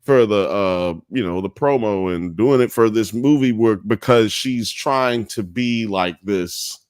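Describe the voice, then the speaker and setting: A man co-hosting a podcast, ranting about a movie with animated, profanity-heavy casual banter. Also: fairly low pitch, measured pace, clean tone, dry recording, studio quality. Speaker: podcast co-host.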